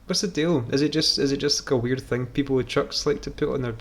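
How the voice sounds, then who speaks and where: A man's voice: mid-range voice, steady tone, fast. A man streaming a game, rambling and joking in casual, self-mocking commentary. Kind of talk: casual commentary while gaming.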